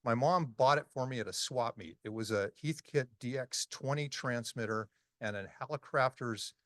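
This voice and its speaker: A man in his sixties tells stories at a conference talk, stopping often for ums and uhs. His pitch sits in the middle range, and the recording is dry and close, with no room echo. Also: normal speed, fairly bright tone. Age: 60s. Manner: chatty, storytelling, frequent ums and uhs. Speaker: conference speaker. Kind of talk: casual presentation talk. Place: meeting hall talk.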